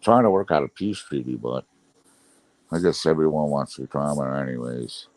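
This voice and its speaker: A man's voice: extremely low pitch, normal speed, darkish tone, dry recording. A man hosting a casual livestream, chatting with viewers in a rambling, frustrated way with many fillers. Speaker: livestream host. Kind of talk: casual live chat reading viewer comments.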